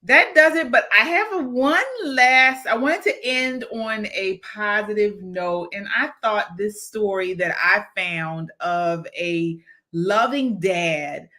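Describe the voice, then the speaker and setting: Bright, chatty woman reading viewer comments. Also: mid-range voice, slow pace, few pauses. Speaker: show co-host. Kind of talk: casual political talk show.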